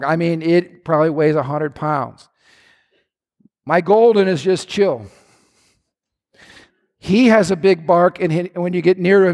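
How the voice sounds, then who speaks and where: A man preaching a sermon to his congregation, telling lively stories with playful asides. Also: high-pitched, big-room sound. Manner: animated storytelling with playful asides. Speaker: pastor. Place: church sanctuary.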